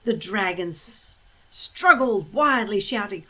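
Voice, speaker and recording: A woman reading a children's story aloud, taking her time and lingering over each phrase. Her voice is high and bright, and it swoops up and down to bring the scenes to life. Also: rough recording. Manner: slow, expressive, deliberate.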